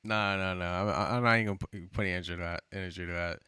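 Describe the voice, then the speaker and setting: A man's voice: low-pitched, steady tone, racing, pushed and bright, clean tone. A man co-hosting a podcast in laid-back casual chat, repeating phrases and laughing often. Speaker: podcast co-host.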